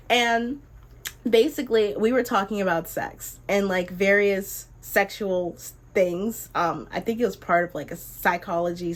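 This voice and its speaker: A young woman tells a story in a casual vlog, animated and exclamatory. Her pitch sits in the middle and leaps up when she is incredulous. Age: young adult. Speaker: vlogger.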